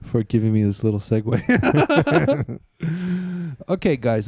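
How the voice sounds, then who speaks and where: A man's voice: mid-range voice, very animated, slow pace, gravelly, darkish tone, slightly rough, dry recording, studio quality. A man hosting a comedy podcast, telling crude rambling stories in casual chat. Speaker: podcast host.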